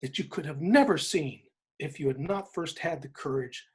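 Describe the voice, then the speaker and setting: A man, an interview guest, retelling a story in an emphatic, animated way, often repeating phrases for weight. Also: on the high side, moderate pace. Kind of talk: inspirational storytelling in conversation.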